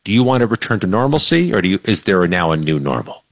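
Deep-voiced man giving political analysis. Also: big pitch swings, dry recording. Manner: measured, wry, analytical. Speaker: weekly political news guest. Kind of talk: political analysis on talk radio.

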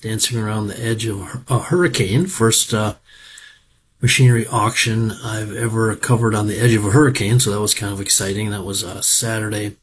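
A middle-aged Minnesotan man gives a folksy, rambling spoken report on farm equipment auctions, often drifting into digressions. His husky voice is on the low side, fairly even in intonation, and brisk.

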